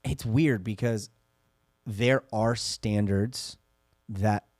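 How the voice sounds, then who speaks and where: A man in his thirties co-hosting a casual podcast chat, telling parenting stories in an earnest, animated way. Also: fairly low pitch, extremely slow, no echo, studio quality. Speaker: podcast co-host.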